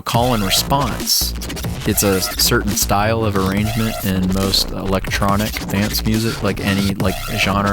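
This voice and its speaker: Low-voiced man rambling on a podcast. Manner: rambling, filler-heavy, musing about ideas. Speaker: podcast host. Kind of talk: casual solo podcast talk.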